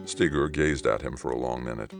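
Very deep, gravelly male narrator. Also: a little fast, over music. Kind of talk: scripted audiobook narration.

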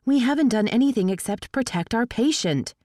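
A woman's voice: on the high side, animated, brisk, a little mellow, no echo, studio quality, pitched above the performer's own voice. Woman voicing an urgent, defiant young woman. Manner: urgent, protesting. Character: young woman mechanic under arrest, defiant.

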